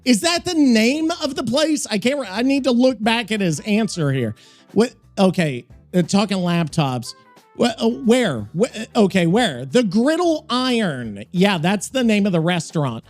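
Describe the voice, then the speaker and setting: High-voiced excitable swearing male host. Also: normal speed, faint music behind. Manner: excitable, swears a lot, laughs along. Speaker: show host. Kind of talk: casual stream chat.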